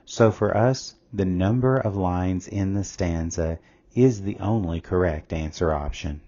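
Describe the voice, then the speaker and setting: Man, tutor, very low voice, measured, reads questions and answer choices aloud. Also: mellow, dull audio. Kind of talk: scripted test-prep lesson.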